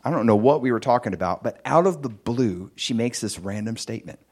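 A man preaching a sermon, telling his own testimony in a lively storytelling way. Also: brisk, breathy edge. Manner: animated storytelling, jumps much higher and louder in excited moments.

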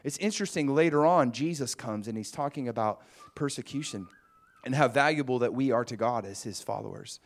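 A man's voice: mid-range voice, fairly quick. A man preaching a conversational sermon, musing aloud with asides to the congregation. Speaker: pastor.

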